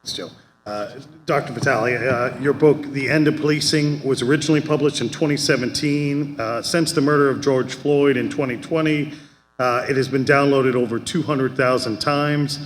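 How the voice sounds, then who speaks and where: A man moderating an academic panel, asking a question in a measured, hesitant way. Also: mid-range voice, fairly even intonation. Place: conference hall. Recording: hall reverb with faint noise.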